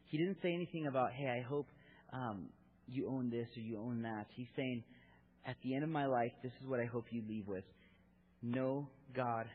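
A husky man in his thirties preaches to his congregation, often stumbling and repeating words as he goes. His delivery swings between loud and hushed stretches. The sound is thin and tinny, like a phone line. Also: medium pitch. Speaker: pastor. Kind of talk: sermon.

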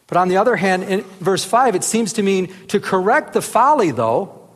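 A man's voice: high-pitched, moderate pace. A man giving a casual Bible teaching, earnest, with many rhetorical "remember?" questions. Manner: earnest, rises into animated emphasis, often asks "remember?". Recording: reverberant hall.

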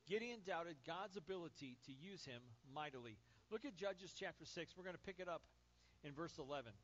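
A man's voice: on the high side, animated, fairly quick, fairly bright tone, muffled recording, a little hiss or hum. A man pastor preaching a sermon, reading scripture aloud and then talking it through conversationally with the congregation.

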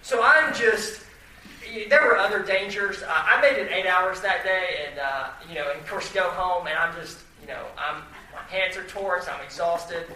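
Guy with a high bright voice telling a goofy story on himself, echoey room, mic kinda far. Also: moderate pace. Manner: self-deprecating, chatty, lots of fillers and restarts. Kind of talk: humorous personal story told to an audience. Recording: echoey room, mic at a distance, faint noise.

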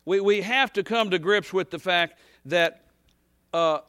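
A man preaching a folksy, rambling sermon as pastor, dropping to soft asides and rising to shouts. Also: high voice, measured pace, clean tone, dry recording, clean studio sound.

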